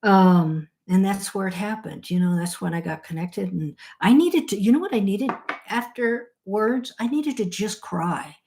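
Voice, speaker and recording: A woman's voice: medium pitch, a little slow, hardly any pauses, darkish tone. A woman co-host chatting casually over a call, her voice in an ordinary mid register. She rambles through personal stories and swears without hesitation. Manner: candid, rambling storyteller who swears freely. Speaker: podcast co-host. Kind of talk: casual chat. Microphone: phone or call audio.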